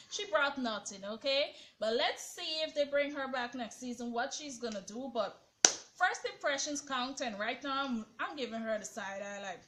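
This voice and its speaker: Sassy high-voiced woman vlogger. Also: a bit bright. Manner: sassy, emphatic, dismissive. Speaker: reality TV reviewer. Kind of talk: casual commentary vlog.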